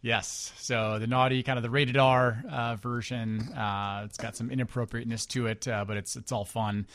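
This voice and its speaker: A man's voice: medium pitch, steady tone, moderate pace, fairly bright tone, dry recording. Easygoing male guest explaining plainly. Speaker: guest, company founder. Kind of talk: talk-show interview.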